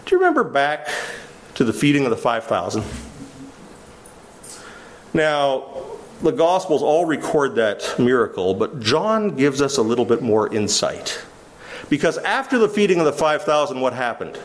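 A man's voice: mid-range voice, sing-song, moderate pace, pauses often, a little hiss or hum. A man preaching a sermon, teaching with questions that he then answers himself. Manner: teaching, asks the listeners questions and answers them.

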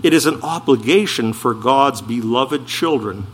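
A man preaching a sermon as pastor, stressing slowed phrases and asking rhetorical questions. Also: medium pitch, a little hiss or hum.

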